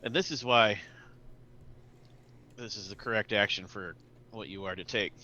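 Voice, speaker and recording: A man's voice: fairly low pitch, steady tone, moderate pace, pushed and bright, lo-fi sound, slight background noise. A man narrating as game master of a tabletop role-playing game, telling the scene vividly and laughing along.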